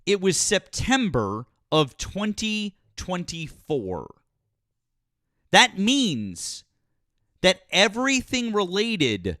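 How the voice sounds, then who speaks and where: Brief: high-pitched male talk host, combative and profane, dry close mic. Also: pushed and bright, no room sound. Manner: combative, profane, berating and repeating himself. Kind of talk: heated call-in political talk.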